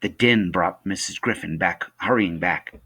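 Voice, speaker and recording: Low-voiced man reading a story aloud. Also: moderate pace, husky. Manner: plain, steady narration. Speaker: teacher. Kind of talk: reading a novel aloud to a class.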